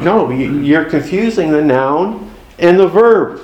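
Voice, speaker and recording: A man's voice: on the high side, lively intonation, takes it slowly, darkish tone, reverberant, poor audio. A man preaching a sermon in a conversational way, with folksy asides and acted-out exchanges. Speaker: pastor.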